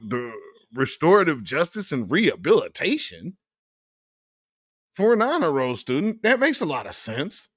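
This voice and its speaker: A man talks through the news in a lively, swooping voice that sits a little high. He reads quoted passages aloud, then reacts with open disbelief. The sound is dry and close. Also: no room sound. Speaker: news commentary host. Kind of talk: casual news commentary.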